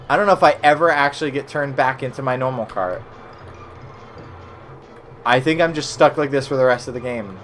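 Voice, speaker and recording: A man's voice: medium pitch, moderate pace, long pauses, slight background noise. Chatty American man streaming games. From United States. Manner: chatty, swears casually, reacts loudly to the game. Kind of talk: casual gaming commentary.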